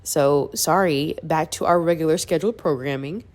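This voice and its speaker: Low-voiced woman, sheepish and self-mocking. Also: normal speed, a little mellow. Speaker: book reviewer. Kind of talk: casual vlog aside.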